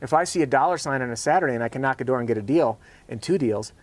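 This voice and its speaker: Brief: male host, mid-pitched, punchy pep-talk delivery, casual slang. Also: expressive, racing, no echo. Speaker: sales trainer and show host. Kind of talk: motivational talk.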